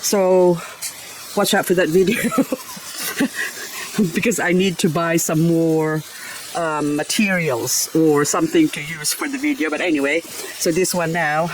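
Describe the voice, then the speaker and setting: A woman's voice: fairly low pitch, a little slow, slight background noise, rough recording. Chatty woman cooing at her plants. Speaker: gardening vlogger. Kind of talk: casual chat while working.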